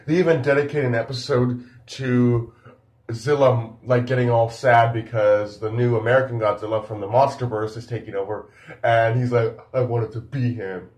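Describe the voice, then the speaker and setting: A man talks through a casual video review in a rambling, enthusiastic way, restarting his sentences often. His voice sits at a middling pitch. The sound bounces around an echoey room. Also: a little mellow. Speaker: YouTube reviewer.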